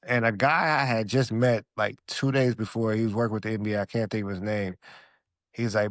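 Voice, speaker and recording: Lively storytelling man, low dry voice. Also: a little fast, no echo. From Alaska. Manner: animated storyteller who acts out his own past lines; relaxed slangy speech. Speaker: podcast guest, former pro basketball player. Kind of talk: casual storytelling interview.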